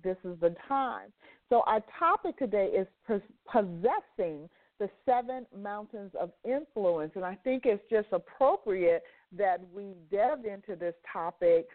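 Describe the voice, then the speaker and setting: A woman hosting a faith talk radio show, her voice nasal from congested sinuses, speaking fervently and repeating words for emphasis. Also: medium pitch. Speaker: host. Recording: phone line.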